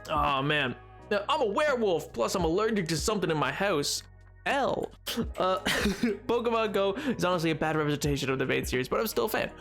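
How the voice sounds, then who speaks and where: Young guy streaming games, high voice that jumps all over, bit of music underneath. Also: brisk, vocal fry. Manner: excitable, bursts into high yelps and laughs, reads chat aloud. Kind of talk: casual gaming stream chat.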